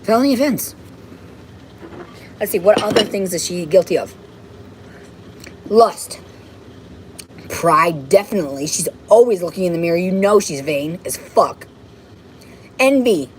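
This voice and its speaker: A woman's voice: mid-range voice, a little hiss or hum, low-quality recording. A woman on a rambling livestream from her home, ranting and swearing in an agitated way. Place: home, indoors.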